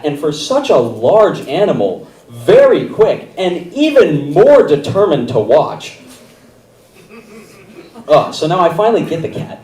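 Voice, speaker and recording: On a comedy theater stage, a young stand-up comic rambles casually through a story, full of fillers. His voice is fairly high with a darkish tone, and the roomy theater sound is picked up from a distance.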